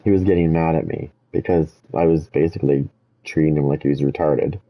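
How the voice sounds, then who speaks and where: A man's voice: extremely low pitch, brisk, lo-fi sound. A man telling a rambling story with plenty of swearing while he plays a game, speaking casually to his viewers. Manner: rambling, animated when quoting himself, swears freely. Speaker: gaming streamer. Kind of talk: casual storytelling over gameplay.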